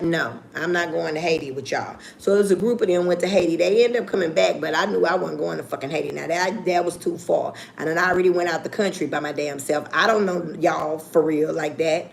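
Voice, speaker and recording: Woman, livestream host, blunt and profane storyteller who talks straight to viewers, lowish pitch with a gravelly edge. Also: slight background noise. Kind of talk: casual storytelling chat.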